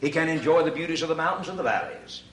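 A male preacher delivers a sermon in a bright, somewhat high voice, rising into shouted emphasis and then dropping low again. The sound is echoey and distant, as if he stands well back from the mic in a church hall. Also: animated, quick pace, a little hiss or hum. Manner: builds to shouted emphasis, addresses crowd as ladies and gentlemen.

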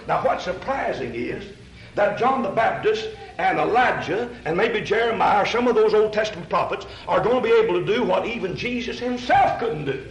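Folksy high-voiced preacher in a roomy hall. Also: male voice, animated, moderate pace. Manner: folksy, conversational, asks the congregation rhetorical questions. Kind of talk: sermon.

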